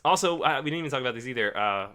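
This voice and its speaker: A man's voice: medium pitch, lively intonation, rapid-fire, bright, forceful tone, clear, resonant tone. A man co-hosting a casual podcast, rambling and laughing through his sentences. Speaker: podcast co-host.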